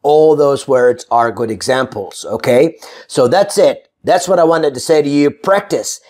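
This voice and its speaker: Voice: mid-range voice, a little mellow. An English pronunciation teacher in an online lesson, who says each example word several times and checks in with "right?". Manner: demonstrates words slowly, repeating each for contrast; checks in with frequent "right?" and "all right?".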